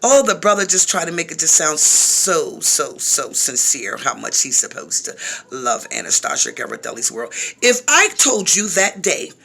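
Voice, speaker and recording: A woman vlogger telling her viewers a personal story in a casual, animated way, often repeating phrases. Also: low-pitched, normal speed, vocal fry, breathy edge.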